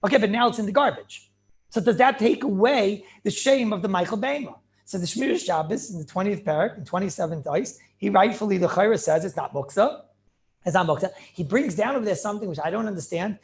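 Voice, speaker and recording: A man, a rabbi, giving a lively class, asking questions, laughing often and repeating words as he restarts. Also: sits high, fast talker. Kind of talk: lively Talmud class lecture.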